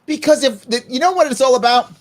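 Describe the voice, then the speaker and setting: A man's voice: very high voice, quick pace. A male podcast host giving mocking, sarcastic commentary on clips that he plays back.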